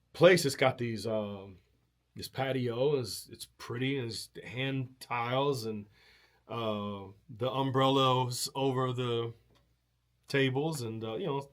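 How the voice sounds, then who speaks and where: A man hosting a show, telling a rambling, casual story with many fillers, restarts and casual swearing. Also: mid-range voice. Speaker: show host.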